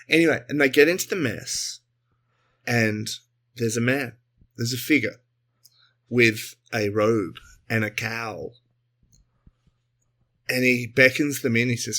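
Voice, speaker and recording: A man co-hosting a comedy podcast, improvising a silly story and dropping into quick character voices. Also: medium pitch, expressive, pushed and bright. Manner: playful, puts on voices mid-story. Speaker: podcast co-host.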